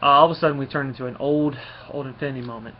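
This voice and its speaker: A man talks through a casual review in a loose, rambling way, full of small fillers and restarts. His voice sits at an ordinary middle pitch. The recording is a bit dull and lo-fi, with a faint hiss underneath. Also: fairly even intonation, rapid-fire. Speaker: comic book reviewer.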